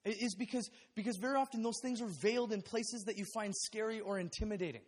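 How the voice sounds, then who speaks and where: A man's voice: high voice, fairly even intonation, quick pace. A man preaching a sermon as pastor in a church, candid and self-deprecating, rambling with restarts and bursts of laughter. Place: church sanctuary. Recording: long hall reverb.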